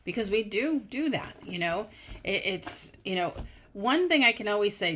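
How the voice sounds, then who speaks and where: A middle-aged woman hosting a podcast, telling personal stories in an earnest, casual spiritual talk with lively quoted asides. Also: lowish voice. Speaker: podcast host.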